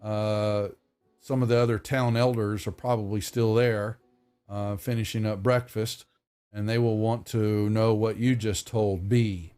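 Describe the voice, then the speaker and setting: A man's voice: fairly low pitch, flat delivery, measured pace, mellow, clean tone, soft background music, lightly acted. A man voicing a fussy, courteous middle-aged merchant and father, rambling along politely as he plays host. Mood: hospitable. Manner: hospitable and bustling, rambling politely. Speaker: character voiced by the game master.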